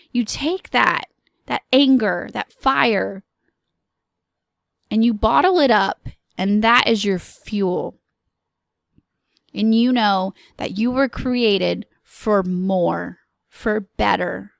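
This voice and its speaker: Slow, gravelly-voiced encouraging woman. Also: medium pitch, no echo, clean studio sound. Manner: earnest, encouraging, speaks in slow deliberate phrases. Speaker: podcast host. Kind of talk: motivational podcast monologue.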